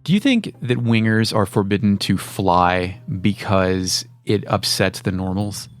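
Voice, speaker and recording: A man co-hosting a casual podcast about a video game, joking wryly and tossing in quick asides. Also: on the low side, expressive, soft background music. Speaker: podcast co-host.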